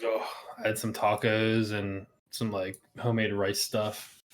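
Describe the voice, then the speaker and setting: A man's voice: on the low side, flat delivery, measured pace, a little hiss or hum. A man co-hosting a casual streamed chat, laid-back and rambling with many fillers. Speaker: podcast co-host.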